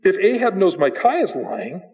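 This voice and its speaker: A man preaching a Bible teaching in a loose, conversational way, blunt and animated as he tells the story. His voice sits somewhat high for a man. Long hall reverb hangs behind him. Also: a little slow. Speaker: pastor. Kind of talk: expository sermon.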